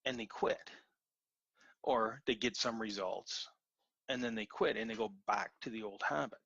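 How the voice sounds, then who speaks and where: Man, lowish husky voice, bright edge, earnest webinar coaching, dry muffled audio. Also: moderate pace, dry recording. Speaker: webinar presenter. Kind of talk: motivational webinar talk.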